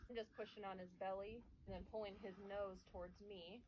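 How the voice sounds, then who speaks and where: A woman training a young horse, talking casually to the camera and softly praising the animal as she works. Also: medium pitch, steady tone, fairly quick, few pauses, background noise. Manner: soft, coaxing praise to the horse. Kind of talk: casual vlog narration while working a horse. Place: outdoors with a horse.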